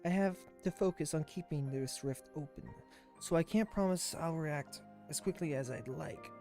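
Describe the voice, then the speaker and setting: A man reading the lines of a worried young woman who guards a magic rift, in an earnest, halting delivery. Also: on the high side, a little mellow, lightly acted. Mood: concerned. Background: faint game music.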